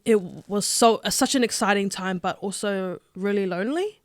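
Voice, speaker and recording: A young woman, a rugby player telling her story as a podcast guest, lively and laughing, with lots of "like" fillers. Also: medium pitch, moderate pace, no room sound, clean studio sound. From Australia. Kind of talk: casual interview storytelling.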